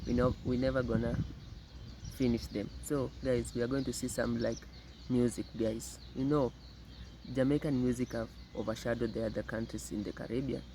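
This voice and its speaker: Reaction host, male, dark mellow tone, unhurried and repetitive, recorded outdoors with faint birds and insects. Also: mid-range voice, flat delivery, slight background noise, rough recording. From Kenya. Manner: unhurried, repeats words often. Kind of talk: casual commentary.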